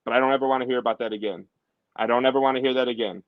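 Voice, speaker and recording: Animated man ranting about football. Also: medium pitch, dry recording. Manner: animated, ranting, quick asides. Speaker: podcast host. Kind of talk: casual sports talk. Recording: dull lo-fi audio.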